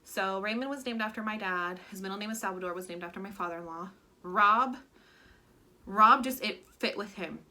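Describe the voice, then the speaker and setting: Young woman vlogger, bright and open, chatty Q&A delivery with plenty of fillers. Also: mid-range voice, normal speed, slight background noise. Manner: chatty and candid, many "like" fillers, gets emotional. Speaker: stay-at-home mom vlogger. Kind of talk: casual Q&A vlog chat.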